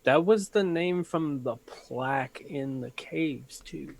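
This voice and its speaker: A man playing a tabletop game, upbeat with quick reactions. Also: a little high, gravelly. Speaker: player. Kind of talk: casual tabletop play.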